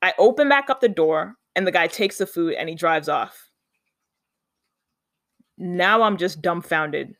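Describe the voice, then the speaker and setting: A speaker from Canada, telling a story in a chatty, animated vlog style and acting out the dialogue. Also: mid-range voice, dry recording, studio quality.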